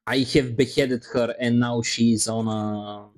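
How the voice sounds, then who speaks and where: A man streaming and chatting casually, teasing his friends in a halting way. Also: mid-range voice, fairly even intonation. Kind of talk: casual chat on a live stream.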